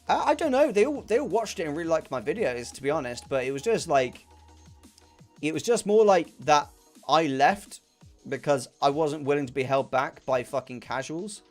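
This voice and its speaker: A young man rants and swears through his gaming stream, stumbling over and repeating his words in frustration. His voice sits somewhat high for a man, and faint game music plays under him. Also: animated, normal speed. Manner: angry, profane, repeats himself. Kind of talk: ranting chat while streaming a game.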